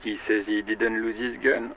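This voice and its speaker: Casting: low-voiced, formal game dispatcher, muffled radio filter. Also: male voice, flat delivery, moderate pace, fairly bright tone, soft background music.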